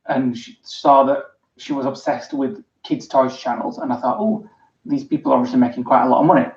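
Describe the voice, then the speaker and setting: A man vlogger in casual livestream chat, reading out viewer comments with frequent ums. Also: medium pitch. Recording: roomy, distant, dull sound.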